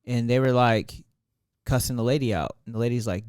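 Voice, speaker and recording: A man's voice: medium pitch, fairly quick, few pauses, darkish tone, no echo, studio quality. A man co-hosting a podcast, rambling through his thoughts with lots of fillers in casual chat. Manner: rambling, thinks aloud with many fillers. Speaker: podcast co-host.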